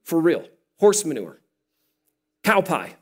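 A male pastor with a high voice preaches a sermon in an animated, playful way. He jokes with his listeners as he teaches, and his voice climbs as he gets excited. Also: slow, slightly rough.

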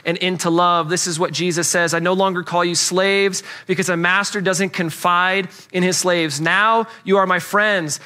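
A pastor preaching a sermon, earnest and conversational, repeating key phrases for emphasis. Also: male voice, high voice, bright, forceful tone.

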